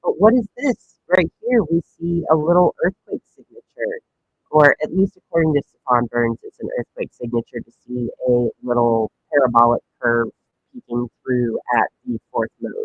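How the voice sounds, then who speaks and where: A man's voice: on the high side, very animated, normal speed, vocal fry, narrow, tinny audio, a little hiss or hum. Rambling man hosting weather stream. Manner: rambling, joking, many fillers. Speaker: comedic weather livestream host. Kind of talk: casual livestream weather commentary.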